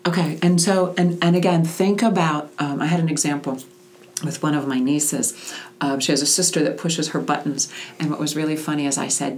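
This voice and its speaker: Low-pitched female host, chatty and halting, slips into quoted voices. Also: steady tone, slight background noise. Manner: halting, repeats words, acts out quotes. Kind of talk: casual parenting chat.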